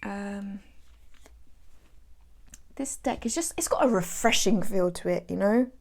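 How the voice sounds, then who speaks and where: Chatty British woman with a gravelly edge. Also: mid-range voice, a little slow. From England. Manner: rambling, chatty, with self-mocking asides. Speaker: tarot channel host. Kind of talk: casual chat showing tarot decks.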